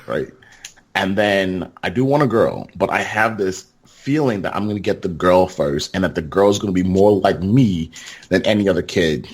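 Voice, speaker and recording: Man, low husky voice, very lively pitch, casual podcast guest, laughs a lot. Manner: animated storyteller, laughs often.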